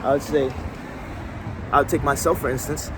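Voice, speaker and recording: A man's voice: medium pitch, steady tone, normal speed, background noise. A man telling a casual story to camera, slangy and rambling, often restarting his sentences. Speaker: vlogger.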